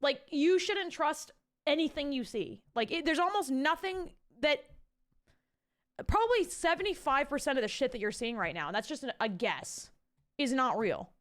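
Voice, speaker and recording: A young woman streaming live, chatting and ranting to her viewers in an animated way, swearing casually. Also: sits high, normal speed. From Canada. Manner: animated, ranty, swears casually, talks to chat.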